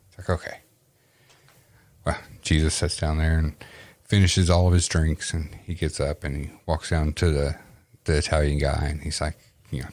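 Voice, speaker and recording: Low-voiced laughing Southern man. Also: moderate pace, long pauses, no room sound. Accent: Southern US, East Tennessee. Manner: laughs a lot, drawling storyteller. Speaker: podcast host. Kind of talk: casual chat, telling a joke.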